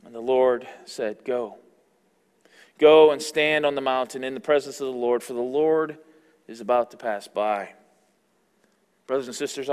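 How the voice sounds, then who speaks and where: A man's voice: medium pitch, clean tone. Preaching man in a reverberant church. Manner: earnest preaching, swells loud then drops to near-whisper. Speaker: pastor. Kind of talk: sermon. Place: church sanctuary. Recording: long hall reverb.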